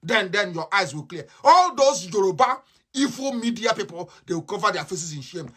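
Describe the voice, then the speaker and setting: A man delivers an impassioned political address, his pitch leaping and falling with great animation. He swings between shouted outbursts and low, muttered asides. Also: very animated, normal speed, breathy edge. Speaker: activist speaker.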